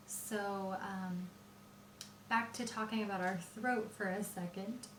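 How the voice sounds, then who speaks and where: A woman voice teacher explaining singing technique in a patient, explanatory way, pausing often with fillers. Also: medium pitch, steady tone, a bit bright, a little hiss or hum. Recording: roomy echo.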